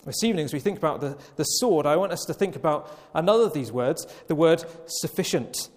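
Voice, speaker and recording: A man preaching a Sunday evening sermon, slow and emphatic, with long pauses. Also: on the high side, expressive, a little mellow. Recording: long reverb of a church hall.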